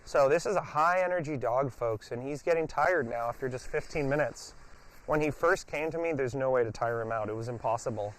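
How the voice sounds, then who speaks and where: A man's voice: medium pitch, brisk. A man working as a dog trainer, explaining his method during a hands-on session and breaking off to give the dog short, firm commands.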